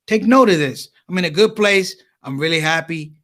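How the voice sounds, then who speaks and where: A comedian with a fairly high voice speaks at a moderate pace during a stand-up set at a conference. He tells funny stories from his own life in an animated way, acting out the dialogue and repeating phrases a lot.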